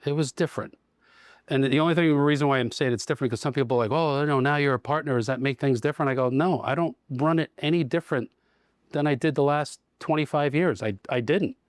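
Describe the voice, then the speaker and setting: Middle-aged car dealership gm, chatty storyteller, dry close mic. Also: male voice, a little high, quick pace, no room sound. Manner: storytelling, acts out quoted dialogue. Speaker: dealership general manager and partner. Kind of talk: casual podcast interview.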